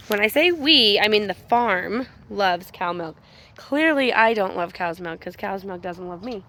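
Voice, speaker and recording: A young woman chatting casually as she films her farm animals, rambling and affectionate. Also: a little high. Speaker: farm owner. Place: outdoors on a farm.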